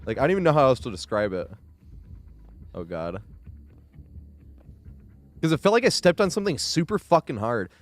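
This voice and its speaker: A man's voice: medium pitch, very animated, normal speed, long pauses, soft background music. A young man streaming a game live, chatting loosely with frequent laughs and casual swearing. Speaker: gaming streamer.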